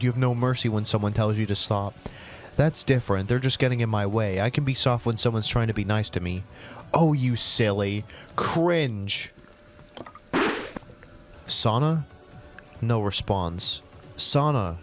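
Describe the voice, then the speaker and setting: Reading his old story aloud for laughs, he performs every character himself, then interrupts the flat delivery with sarcastic, cringing asides. The voice is mid-range at a moderate pace.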